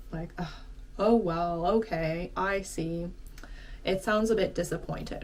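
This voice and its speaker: A woman's voice: unhurried, slight background noise. A woman giving a casual language lesson, explaining in a chatty way with lots of "kind of" and "like", and acting out short example phrases. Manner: chatty, many fillers like "kind of" and "like"; acts out short example lines with lively pitch jumps. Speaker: language teacher.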